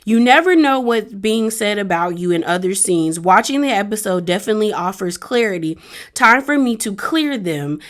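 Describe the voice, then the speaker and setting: A woman's voice: medium pitch, expressive, moderate pace. A woman hosting a casual review of a reality show episode, chatty and laughing often as she acts out what the cast said. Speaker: reality TV recap host.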